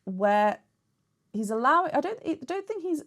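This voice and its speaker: A woman's voice: high-pitched, big pitch swings, normal speed, a bit bright. A young woman, a vocal coach, chatting enthusiastically while she reacts to and analyses a singer's technique.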